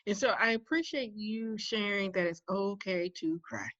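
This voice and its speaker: A woman hosting a podcast interview, expressive and earnest, affirming her guest often. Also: mid-range voice, normal speed. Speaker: podcast host. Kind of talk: casual interview chat. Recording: dry, slightly dull recording.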